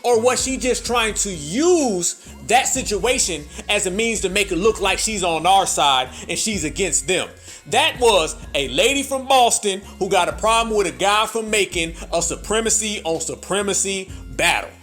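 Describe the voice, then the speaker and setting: Male host, high-pitched voice, emphatic, profane, repeats himself, faint music underneath. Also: animated, normal speed, a bit bright. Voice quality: emphatic, repetitive, profane, preacher-like. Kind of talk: political commentary.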